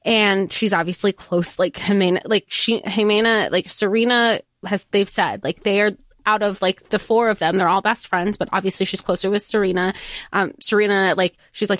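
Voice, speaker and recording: A woman's voice: mid-range voice, fairly even intonation, normal speed, no echo, studio quality. A woman co-hosting a podcast, chatting casually about books in a rambling way with many restarts. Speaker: podcast co-host. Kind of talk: casual book discussion.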